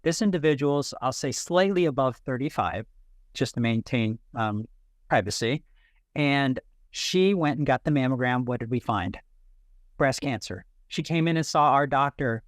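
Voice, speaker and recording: Brief: heartfelt storyteller, man, mid-pitched, dry close recording. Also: expressive, moderate pace, dry recording. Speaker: health services director guest. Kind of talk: podcast interview storytelling.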